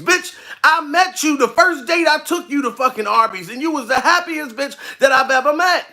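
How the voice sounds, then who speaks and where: A man's voice: very high voice, animated, moderate pace, hardly any pauses, sharp tone. A man doing a comedic rant to camera, profane and repetitive in street talk.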